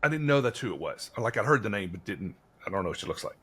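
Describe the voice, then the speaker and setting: A man's voice: lowish voice, sing-song, fast talker, a loud crowd. A man telling a story in a casual podcast conversation, rambling, with many fillers.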